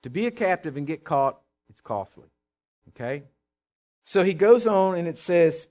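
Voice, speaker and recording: A man preaching a conversational sermon, reading scripture aloud and commenting with animated asides and repeated words. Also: fairly high pitch, moderate pace.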